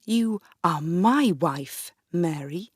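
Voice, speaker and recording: A woman voicing a sneering, mocking young king with a slow, low delivery. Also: lively intonation, slightly rough, no echo, studio quality, exaggerated voice.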